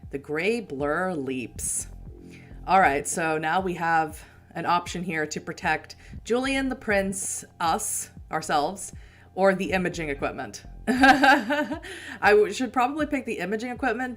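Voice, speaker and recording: Woman streamer, low voice, chatty and rambling, faint music underneath. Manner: chatty, laughing, rambling explanations. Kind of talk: casual game-stream commentary.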